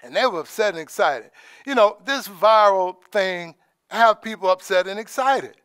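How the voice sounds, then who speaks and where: A man giving an informal, conversational sermon as preacher, dropping in praise asides and trailing off softly. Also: high-pitched, expressive, moderate pace, smooth, no echo, clean studio sound. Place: church in Alaska.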